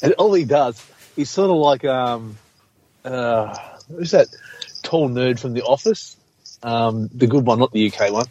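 A man's voice: mid-range voice, measured pace, darkish tone, slight background noise. Casual aussie guy rambling on a podcast, sweary, a bit muffled. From Australia. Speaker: podcast co-host. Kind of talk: casual chat.

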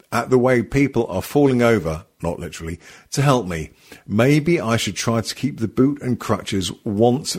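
A man with a husky voice hosts a loose, rambling comedy podcast. He swears freely and laughs often, and his pitch swings up and down with a lot of life. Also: darkish tone. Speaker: podcast host. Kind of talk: casual comedy podcast chat.

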